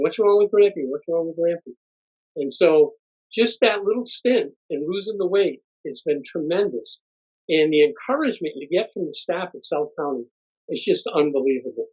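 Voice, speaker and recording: Husky plain-spoken man in his sixties. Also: on the high side. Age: 60s. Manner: plain-spoken, halting with fillers. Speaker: honoree. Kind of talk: thank-you speech. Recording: muffled lo-fi recording.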